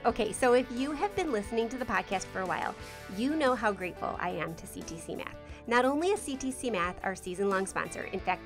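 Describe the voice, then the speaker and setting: A woman podcast host doing an enthusiastic sponsor read. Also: medium pitch. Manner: upbeat, enthusiastic endorsement. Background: clear music.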